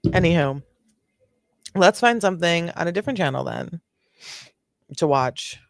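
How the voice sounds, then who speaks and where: A woman's voice: lowish voice, lively intonation, measured pace, no room sound. A woman hosting a live stream, giving casual, chatty reaction commentary full of swearing and laughing asides. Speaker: livestream host reacting to videos.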